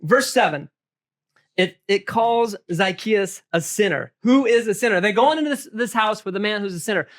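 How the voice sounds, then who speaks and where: A man leading a Bible study group, animated and joking, asking the room questions. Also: sits high, moderate pace.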